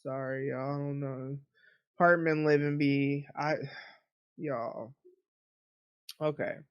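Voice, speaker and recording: A woman hosting her own podcast, telling stories in an animated, chatty way and acting out her own inner voice. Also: low-pitched, slow, clear, resonant tone, no echo, highs cut off. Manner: chatty, animated storytelling with quoted self-talk. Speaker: podcast host. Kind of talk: casual solo podcast monologue. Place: apartment.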